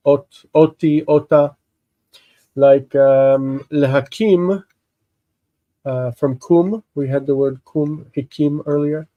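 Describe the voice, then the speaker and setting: Slow, stuffy-nosed man teaching. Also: on the high side, dry recording, narrow, tinny audio. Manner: slow, halting, thinking aloud with many fillers. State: congested sinuses. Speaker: Hebrew teacher. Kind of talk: explaining Bible text on a livestream.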